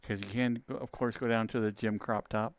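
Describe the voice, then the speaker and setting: A man in a casual livestream chat, talking loosely to his viewers and breaking into frequent laughs. His voice is smooth and clean at a middling pitch, recorded dry and close. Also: fairly even intonation, normal speed, dry recording. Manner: rambling, laughs often, loses his train of thought. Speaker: streamer.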